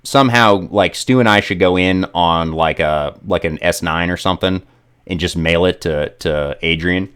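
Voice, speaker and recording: A man's voice: low-pitched, moderate pace, fairly bright tone, clean tone. A man hosting a casual gaming live stream, joking and rambling with lots of fillers.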